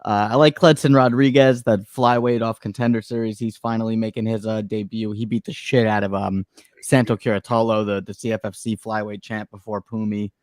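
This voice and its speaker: A man's voice: lowish voice, level tone, brisk, a little mellow, no echo. Laid-back male podcast co-host, dry close sound. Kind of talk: casual chat about fights.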